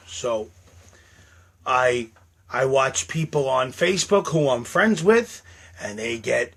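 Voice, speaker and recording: A man's voice: mid-range voice, vocal fry, pushed and bright. A man, a comedian, in a comic rant to camera, mock-indignant and exaggerated, repeating phrases over and over.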